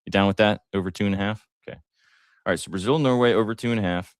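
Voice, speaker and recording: A man hosting a live sports betting show, talking casually with jokes, fillers and bursts of excitement. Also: fairly low pitch, very fast, no room sound, studio quality. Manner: excitable, joking, lots of fillers.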